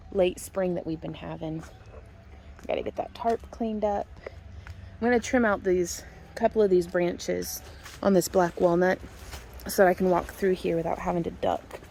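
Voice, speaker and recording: A woman's voice: on the low side, vocal fry, dark tone, slight background noise. A woman from Missouri, casually talking through a walk around her backyard homestead garden, chatty and folksy, laughing often. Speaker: homestead vlogger.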